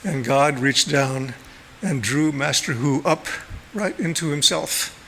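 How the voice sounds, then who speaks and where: A man with a gravelly, fairly high voice tells a story in an easy, playful way at a church service. His voice carries a long hall echo over faint room noise. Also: slow pace. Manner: gentle storyteller, playful asides. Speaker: lay speaker. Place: church sanctuary.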